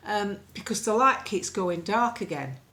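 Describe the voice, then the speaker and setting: An older English woman from England vlogging from home into a phone camera, chatting bluntly and meandering through opinions. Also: measured pace. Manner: blunt, opinionated, meandering, lively swings in pitch. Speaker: political vlogger. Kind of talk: casual rambling monologue to camera. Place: home, indoors.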